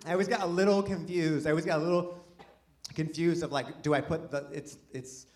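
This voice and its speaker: A man's voice: on the high side, steady tone, a little fast, darkish tone. A man performing a stand-up comedy set, chatty and self-deprecating, rambling with restarts. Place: comedy venue, live audience. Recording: live venue with audience laughter.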